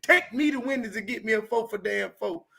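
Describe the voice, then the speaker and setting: A man in his fifties from Chicago, telling his life story on a podcast in an animated, profane, emphatic way. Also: high voice, brisk, gravelly. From Chicago, United States. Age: 50s. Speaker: comedian guest. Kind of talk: candid storytelling.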